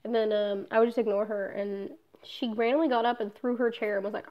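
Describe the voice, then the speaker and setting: A woman's voice: fairly high pitch, fairly even intonation, fairly quick, lo-fi sound. A young woman in a casual personal vlog, talking candidly, swearing often and trailing off with fillers. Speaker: vlogger.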